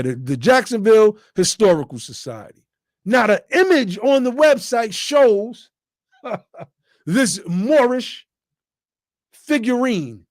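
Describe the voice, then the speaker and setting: A man's voice: high-pitched, a little mellow, no room sound, studio quality. A man hosting a livestream talk, speaking emphatically and in a preacherly way, often calling his listeners family. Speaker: podcast host.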